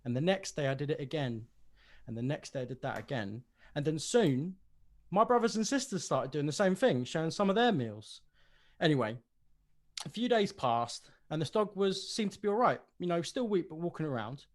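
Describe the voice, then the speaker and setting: An earnest young devotee, played by a man in a tabletop game. He tells his tale eagerly in a slightly high voice. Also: sing-song, normal speed.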